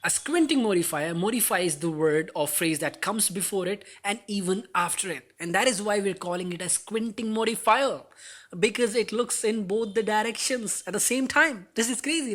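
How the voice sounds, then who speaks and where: A man teaching an English grammar lesson in an upbeat way. He calls viewers guys, asks rhetorical questions, and slows down to stress words in example sentences. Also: high voice, fairly bright tone.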